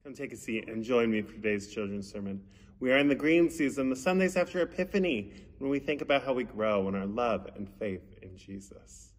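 A man's voice: medium pitch, a little fast. Man telling a children's sermon in church. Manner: animated storytelling with shouted quotes. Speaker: pastor. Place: church sanctuary. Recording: long church reverb.

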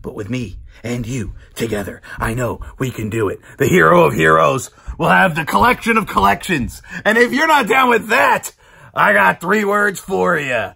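A man's voice: fairly high pitch, lively intonation, moderate pace, gravelly, bright, forceful tone, breathy edge. A man vlogging at home in a playful, goofy way, sometimes slipping into mock wrestling-promo bravado. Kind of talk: playful family vlog chat. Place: home basement room.

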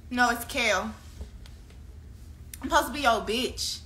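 A young woman with a high, bright, cutting voice vents about a breakup in a heated, profane rant. She curses freely and repeats her complaints again and again for emphasis. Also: a little slow, long pauses. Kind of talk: candid venting about a breakup.

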